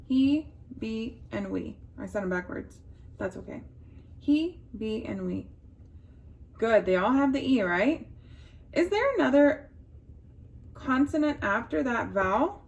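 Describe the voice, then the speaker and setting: A woman teaches young children a phonics lesson, sounding out words slowly and prompting the class to respond. Her voice is fairly high-pitched with vocal fry.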